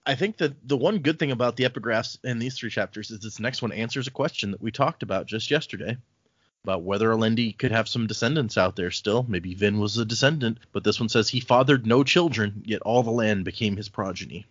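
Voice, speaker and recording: A man co-hosting a casual book podcast, playful and quick to quote characters in silly voices. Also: lowish voice, breathy edge, no room sound, dull audio. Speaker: podcast co-host. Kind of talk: casual book-club chat.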